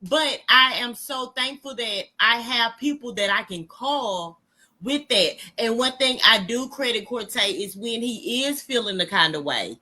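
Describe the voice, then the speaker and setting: A woman chats on a casual podcast and tells personal stories with lively energy, acting out what others said. Her voice is slightly high and very bright, almost piercing. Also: unhurried. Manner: animated storytelling, acts out quotes. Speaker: podcast co-host.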